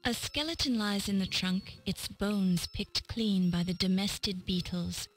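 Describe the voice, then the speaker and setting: A woman narrating a 1990s adventure game in a dry, measured way. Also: mid-range voice, soft background music, lightly acted, poor audio.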